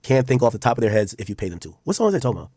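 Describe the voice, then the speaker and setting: A man's voice: mid-range voice, very animated, racing, dark tone, breathy edge, no room sound, studio quality. A man streaming casual commentary to his chat, reading posts aloud and reacting bluntly, with frequent profanity.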